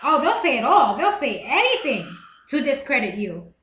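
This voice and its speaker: Emphatic high-voiced woman streamer. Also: normal speed, reverberant. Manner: animated, emphatic, repeats words for emphasis. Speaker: livestream host. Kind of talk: casual live-stream chat.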